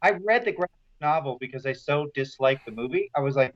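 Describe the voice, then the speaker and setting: A man joining a casual film-chat show as a guest, answering in a relaxed, brief and agreeable way. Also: medium pitch, a little fast, lo-fi sound. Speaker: guest co-host.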